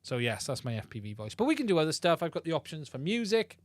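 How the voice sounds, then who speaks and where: A man hosts a casual livestream, talking in a chatty, self-deprecating way and often repeating himself. His voice sits a little high and sounds dry and close, recorded on a studio mic through a podcast mixer. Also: very animated, quick pace, no room sound. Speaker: livestream host.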